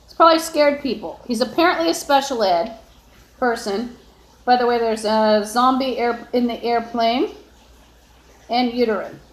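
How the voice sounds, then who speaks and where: A woman's voice: fairly high pitch, normal speed. A woman live-streaming alone from her apartment, talking on and on with lots of fillers and restarts. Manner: meandering, with frequent fillers and restarts. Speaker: livestreamer. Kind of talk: rambling solo live stream. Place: indoors in an apartment. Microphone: phone. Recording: echoey room.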